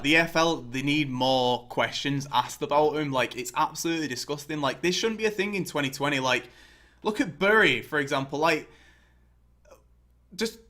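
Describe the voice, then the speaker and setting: A man's voice: fairly high pitch, fairly bright tone. Sweary young man ranting. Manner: sweary, sarcastic, mocking impressions. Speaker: football fan vlogger. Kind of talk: angry ranting commentary.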